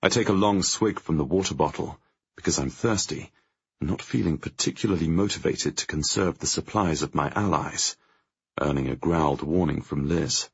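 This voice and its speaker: A man narrating a first-person audiobook in a tense, measured way, with a gravelly, husky voice. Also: rumbling low, no room sound. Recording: dry, dull lo-fi audio.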